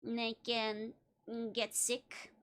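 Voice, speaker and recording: A woman's voice: fairly high pitch, completely flat delivery, extremely slow, a bit bright, clear, resonant tone. A woman with a Dutch accent chatting playfully with her livestream viewers, giggling often between lines. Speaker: virtual streamer. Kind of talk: casual livestream chat with viewers.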